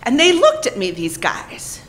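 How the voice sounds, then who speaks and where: A woman telling a comic personal story on stage, profane and animated, laughing as she talks. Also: on the high side, measured pace.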